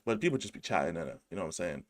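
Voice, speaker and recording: A man's voice: sits low, big pitch swings, racing, dry recording. A man with a London accent hosting a casual livestream chat, laid-back and slangy, swearing often. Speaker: streamer host.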